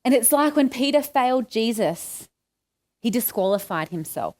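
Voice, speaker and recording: A woman's voice: fairly high pitch, lively intonation, moderate pace, a little mellow. Australian woman preaching, chatty and searching. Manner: conversational, asks listeners questions, acts out quoted lines. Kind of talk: sermon.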